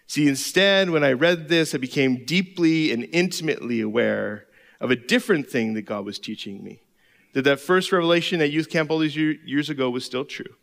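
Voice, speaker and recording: Animated man preaching in a reverberant hall. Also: on the high side, normal speed, creaky. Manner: candid, self-deprecating storytelling with laughs. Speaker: pastor. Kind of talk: sermon.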